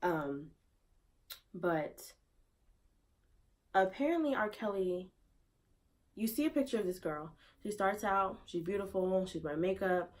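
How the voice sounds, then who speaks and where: A woman's voice: mid-range voice, expressive, unhurried, long pauses. A woman giving her opinion casually in a vlog, repeating rhetorical questions in disbelief. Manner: conversational, with fillers. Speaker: vlogger.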